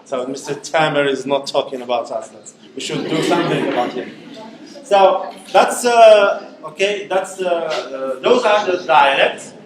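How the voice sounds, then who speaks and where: A man's voice: on the high side, animated, measured pace, noisy background. A male university lecturer, giving a classroom lecture, questioning students and saying "okay" often. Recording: echoey classroom.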